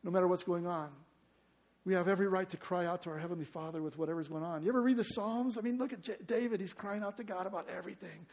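A man preaching a sermon in a high, bright-sounding register. He is emphatic, and he leans on rhetorical questions to the congregation. He acts out quoted cries with sudden loud bursts. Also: very fast. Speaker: pastor.

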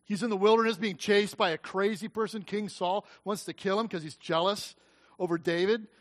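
A man preaches to his congregation in a church, his voice sitting unusually high. He is impassioned, pushing phrases out loudly and repeating them for emphasis, then dropping to quiet, close asides. He keeps asking the room rhetorical questions. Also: steady tone, normal speed. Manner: impassioned, swings from loud emphatic peaks to quiet intimate asides. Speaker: pastor. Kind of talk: sermon.

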